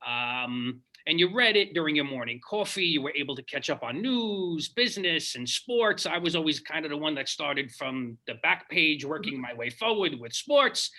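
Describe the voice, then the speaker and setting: A man's voice: fairly high pitch, expressive, moderate pace, few pauses, bright, forceful tone. A man hosting an interview, asking long, chatty and curious questions. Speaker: interviewer, host.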